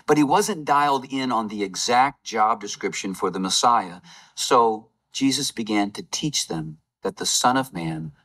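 A man preaching a Palm Sunday sermon, retelling scripture as a lively story with playful game-show asides. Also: lowish voice, husky. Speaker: lay preacher.

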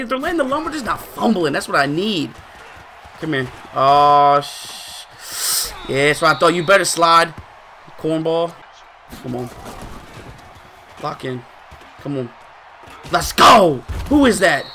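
A young man giving excited live commentary on his own football video game match, swinging between muttering to himself and loud shouting. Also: fairly high pitch, slight background noise. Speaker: gaming streamer.

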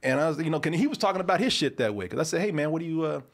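Man, casual storyteller, lively swooping pitch, acts out dialogue, restarts a lot. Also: racing. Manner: animated, acts out both sides of the conversation, frequent swearing and restarts. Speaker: podcast host telling a story.

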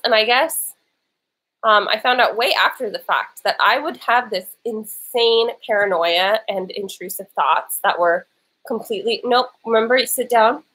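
Poor audio captures a slightly high, sharp and slightly rough voice as a woman vlogger from Los Angeles answers viewer questions live. Sitting on her bed with a lingering cough, she chats into her old laptop's built-in mic while her small son keeps interrupting.

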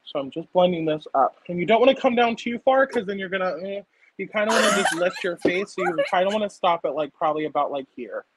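A young woman chatting casually as she walks through a makeup tutorial on camera, full of fillers and quick to burst out laughing. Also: fairly low pitch, animated, a little hiss or hum, low-quality recording. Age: young adult. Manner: chatty, filler-heavy, breaks into loud laughter. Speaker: makeup artist guest. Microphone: laptop or phone camera.

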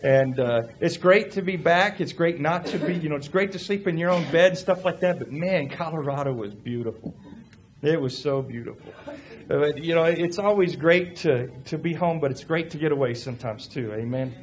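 A middle-aged man, a pastor preaching a sermon and telling a personal story in an animated way. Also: fairly high pitch, normal speed. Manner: animated, acts out quoted voices.

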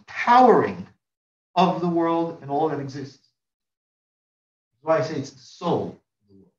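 A man, a rabbi, teaching a religious class in a rhetorical way, stacking repeated phrases and rising sharply for emphasis. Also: fairly high pitch. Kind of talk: religious lecture. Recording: roomy, distant mic, dull sound.

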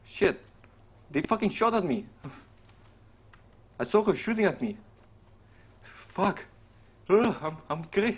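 A man streaming a role-play game, commenting excitedly, swearing and laughing as he plays at his computer. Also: on the high side, slow, pauses often, slight background noise.

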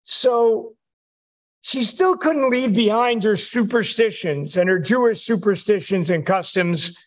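A man's voice: high-pitched, unhurried. A man, a rabbi, giving a conversational sermon in a synagogue, telling wry stories. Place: synagogue sanctuary.

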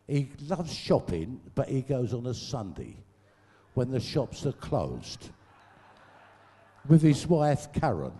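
A man's voice: mid-range voice, mellow, breathy edge. Older man telling bawdy stories in an echoey hall. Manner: earthy, swearing, laughs at his own jokes. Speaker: guest storyteller. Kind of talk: comic stage anecdotes. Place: large venue, live audience show.

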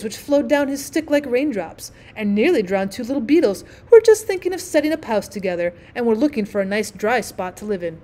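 A woman teacher reading a classic story aloud in an expressive storytelling manner. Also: on the high side, brisk, hardly any pauses.

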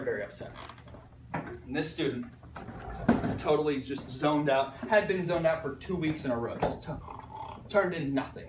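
A man from Pittsburgh, an art teacher giving an animated conference talk to fellow teachers, acting out voices and checking in with "right?" as he goes. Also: medium pitch, noisy background. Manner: animated storyteller, acts out voices, frequent "right?". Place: conference room. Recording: echoey room recorded from a distance.

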